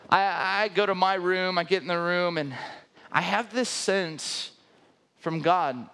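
A man telling a personal story in a lively way, often laughing as he speaks. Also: high-pitched, moderate pace, clear, resonant tone. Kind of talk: animated storytelling talk.

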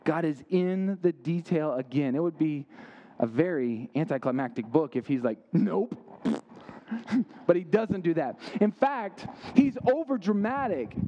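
A man's voice: fairly high pitch, lively intonation, a little slow, warm tone, dull audio. A young man giving an interactive sermon, quizzing his listeners and making playful asides. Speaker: youth camp speaker.

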